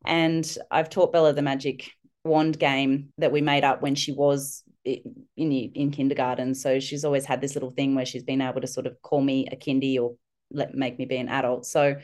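A woman, a parenting instructor telling animated stories as an interview guest, acting out quotes. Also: a little fast. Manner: animated, acts out quotes in high voices. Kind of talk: casual storytelling interview.

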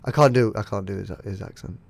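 A man's voice: on the low side, quick pace, vocal fry, dry recording. A man co-hosting a podcast, chatting casually, teasing his co-host and laughing often. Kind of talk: casual chat.

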